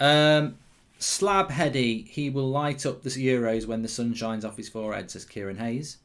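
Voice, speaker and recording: A man's voice: medium pitch, a little slow. Chatty man hosting a football watchalong. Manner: chatty, reads viewer comments aloud, many ums and restarts. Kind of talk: casual live-stream chat and commentary.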